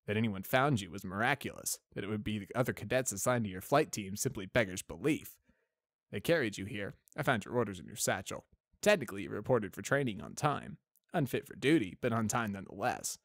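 A man's voice: on the low side, animated, a little fast, no room sound. A man voicing a male pony army doctor who speaks in a dry, formal, wry way.

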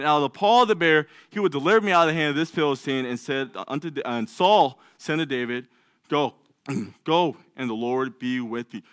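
A man's voice: on the high side, fairly bright tone, dry recording, clean studio sound. A man preaching a sermon in a church, reading scripture aloud and acting out the doubts of biblical figures in a raised voice. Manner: reads scripture aloud, with some stumbles. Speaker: lay preacher.

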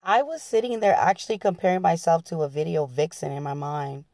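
A woman reads a memoir aloud in a blunt, plain-spoken manner. Her voice is low with a gravelly fry and a mellow, dark color. The sound is dry and close. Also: fairly quick, dry recording. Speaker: narrator reading a memoir. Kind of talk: reading a book aloud.

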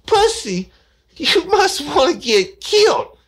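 A man voicing an indignant woman answering the phone in a squeaky falsetto. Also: very animated, slow, a bit bright, full character voice. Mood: outraged.

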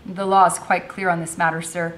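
Woman reading as stiff gentleman, formal, lecturing, lowish voice. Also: little pitch movement, fairly quick, a little hiss or hum, lightly acted. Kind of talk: reading a novel aloud.

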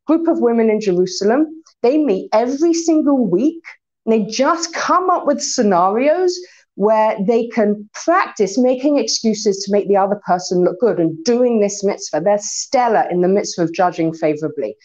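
Woman, Torah teacher, fairly high voice, lively and expressive, acts out scenes, slightly muffled recording. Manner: lively teacher, spells out acronyms, acts out quoted exchanges. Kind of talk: recorded talk to an unseen audience.

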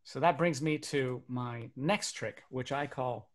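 A man, a magician and speaker in his thirties, telling comic personal stories to a virtual audience on a webcam setup, animated, and dropping to quiet for serious beats. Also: medium pitch, a little slow. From Burbank, United States. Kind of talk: stand-up storytelling for a virtual audience.

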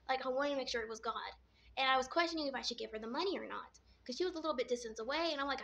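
A woman's voice: high voice, fast talker, sharp tone. A woman vlogger casually retelling a dream, rambling and filling her talk with "like". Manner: rambling, full of "like" fillers.

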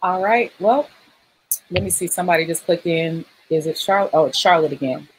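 A woman's voice: lowish voice, brisk, a little hiss or hum, poor audio. Playful woman hosting a livestream game show. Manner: playful, laughs often, reads donations aloud. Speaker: host.

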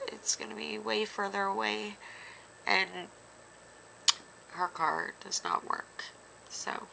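A woman talks slowly into her camera for her daily video diary, her voice bright yet gravelly and close to tears. She rambles with lots of fillers, and a faint hiss sits under the recording. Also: mid-range voice, fairly even intonation, rough recording. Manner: tearful, rambling with many fillers. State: teary. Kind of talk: emotional personal vlog.

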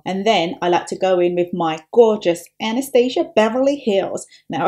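A woman's voice: lowish voice, mellow. A woman makeup artist talking through a tutorial step by step in a chatty, upbeat way.

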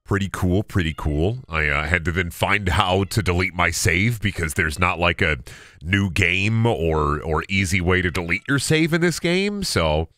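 A man's voice: low-pitched, expressive, measured pace, pushed and bright, no room sound, studio quality. A man in his thirties chatting casually on a gaming stream, telling rambling stories full of stammers, restarts and bursts of laughter. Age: 30s.

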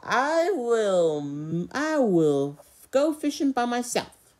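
A big, scary storybook shark, played by a woman, asking a friend along in an unhurried voice that swoops up and down. The pace is slow and deliberate. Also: on the high side, sing-song, a little mellow, pitched above the performer's own voice, full character voice. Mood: friendly.

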